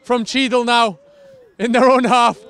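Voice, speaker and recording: A man with a Mancunian accent commentating on an amateur football match outdoors, shouting in bursts of excitement and swearing. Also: very high-pitched, unhurried, clean tone. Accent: Mancunian English. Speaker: sideline commentator and team manager.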